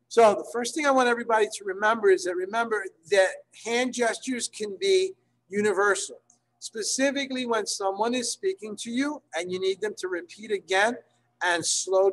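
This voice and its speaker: A man teaching library staff in an online workshop, checking in often with his class and slowing down to model phrases. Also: sits high, fairly bright tone, poor audio. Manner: checks in often, gives examples slowly. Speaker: Spanish instructor for library staff.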